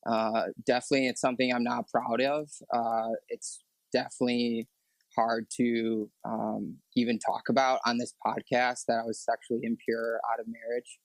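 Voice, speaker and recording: A young man sharing a personal testimony on a podcast, halting and full of fillers and restarts. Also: mid-range voice, level tone, no room sound, poor audio. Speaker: podcast guest. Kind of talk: personal testimony in casual talk.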